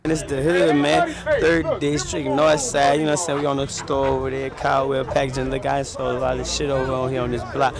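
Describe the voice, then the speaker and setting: A man's voice: mid-range voice, little pitch movement, fairly quick, gravelly, hardly any pauses, a loud crowd. A man talks hyped, slangy street talk outdoors in an archival video. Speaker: rapper. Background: music.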